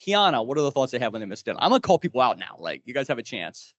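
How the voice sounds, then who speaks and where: A man runs a live leadership workshop, firing questions at his group. His pitch swoops widely and expressively as he talks. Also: very fast, lo-fi sound. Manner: animated, quizzing the group. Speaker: leadership trainer.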